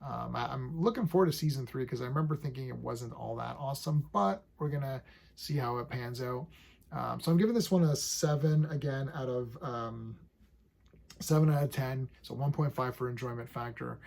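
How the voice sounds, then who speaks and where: A man in his forties talks through a TV episode in a loose, chatty way, with plenty of "um" and "like". His mid-pitched voice has a gravelly edge, and he keeps acting out scenes as he goes. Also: normal speed, a little mellow. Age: 40s. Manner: chatty and enthusiastic, lots of fillers, acts out scenes. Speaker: TV episode reviewer. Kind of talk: casual episode review.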